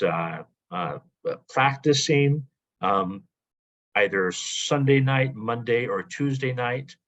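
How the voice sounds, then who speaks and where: A man's voice: lowish voice, a bit bright, dull audio. A man briefing coaches in a webinar, methodical and full of "uh" and "um" fillers. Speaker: athletic association administrator. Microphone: video call.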